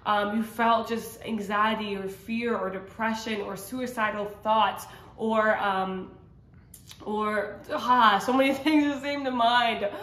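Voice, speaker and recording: A woman's voice: a little high, fairly even intonation, slow, fairly bright tone. Earnest, rambling woman in an echoey room. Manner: rambling, earnest, with many fillers and restarts. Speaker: vlogger sharing a testimony. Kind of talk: casual testimony talk. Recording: roomy echo.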